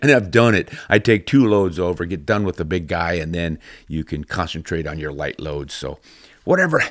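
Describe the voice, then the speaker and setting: An older man with a very low voice hosts a podcast, chatting loosely and laughing often at his own jokes. The sound is dry and close. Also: big pitch swings, normal speed, dry recording. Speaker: podcast host. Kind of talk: casual podcast chat.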